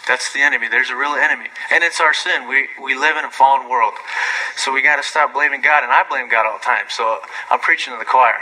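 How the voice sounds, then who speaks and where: A man giving an informal, rambling sermon, full of asides and quick apologies, rising sharply when he gets excited. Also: medium pitch, poor audio. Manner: rambling, self-deprecating, frequent asides and apologies; animated, voice jumping up when excited. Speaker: lay preacher.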